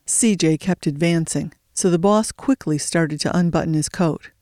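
A narrator reading a thriller audiobook in a steady storytelling voice, slowing for suspense. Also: mid-range voice, dry recording, clean studio sound.

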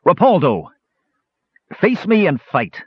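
A man's voice: on the high side, very animated, measured pace, slightly rough, dry recording, voice pushed up, exaggerated voice. A man voicing a brave young male knight, who calls out in a bold, commanding way. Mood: defiant. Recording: slightly dull lo-fi recording.

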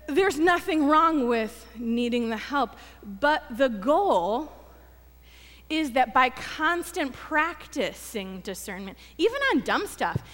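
A woman's voice: high-pitched, a bit bright. A woman pastor giving a conversational sermon, telling stories with acted quotes and self-deprecating humor. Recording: long reverb of a church hall.

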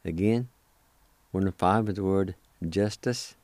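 A man's voice: low-pitched, unhurried, a little mellow, dry recording. A man teaching a language lesson on the radio, spelling words out and patiently repeating each one several times.

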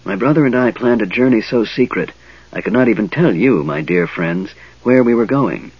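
A man voicing a frail, cold young mage in a soft, wheezing, hissing whisper. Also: mid-range voice, expressive, a little fast, slightly rough, dry recording, dull audio.

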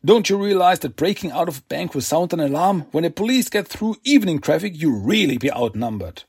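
A man reading a firm young hero, husky voice. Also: a little high, animated, a little fast. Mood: confident. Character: confident young hero, male, leader type.

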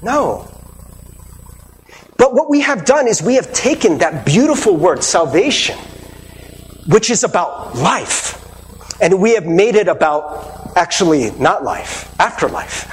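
A male pastor with a very high voice delivers a sermon in an earnest, conversational way, full of rhetorical questions. His pitch swings widely as he preaches. A faint hiss of noise sits behind him. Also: big pitch swings, measured pace, big-room sound.

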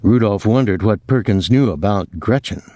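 A man narrating a novel in a measured, expressive storytelling manner. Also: on the low side, no room sound, studio quality. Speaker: audiobook narrator.

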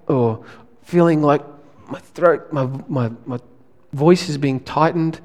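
A male pastor, preaching a sermon in a relaxed, conversational way, often restarting his phrases. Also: on the high side, measured pace, in a large hall.

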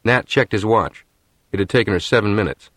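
Man, audiobook narrator, low voice, steady, measured, dry close sound. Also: dry recording. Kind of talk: scripted narration.

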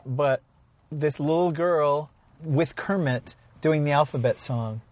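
A man's voice: a little high, slow pace, darkish tone. A man co-hosting a podcast in casual chat, rambling through stories and laughing often. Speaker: podcast co-host.

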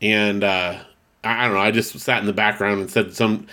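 A man's voice: lowish voice, flat delivery, normal speed, sharp tone. A man co-hosting a casual podcast, rambling and correcting himself as he reads out listener mail. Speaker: podcast co-host. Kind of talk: casual chat.

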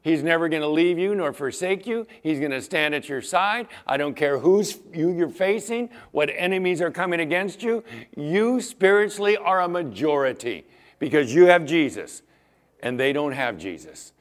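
Guy pastor preaching, lively swoopy voice, slightly high, acts out the story parts. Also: moderate pace. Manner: animated, acts out Bible scenes in voices. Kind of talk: sermon.

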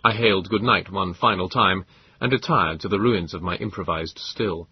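A man narrating a story in the first person, with expressive, measured storytelling. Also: deep voice, slightly rough, no room sound, lo-fi sound. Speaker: audiobook narrator.

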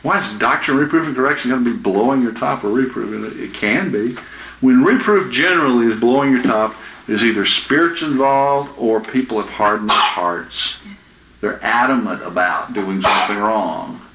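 A man's voice: mid-range voice, normal speed, a bit bright, a little hiss or hum. A man giving informal Bible teaching in a chatty, anecdotal way, often laughing. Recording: echoey room with faint ambience.

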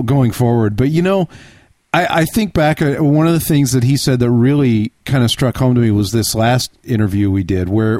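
A man's voice: medium pitch, warm tone, no echo, clean studio sound. A man co-hosting a podcast in casual chat, reflective and enthusiastic. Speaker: podcast co-host.

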